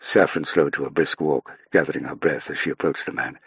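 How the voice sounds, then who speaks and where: A man narrating an audiobook in a measured, even storytelling manner. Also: extremely low pitch, slightly rough, no echo. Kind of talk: scripted narration.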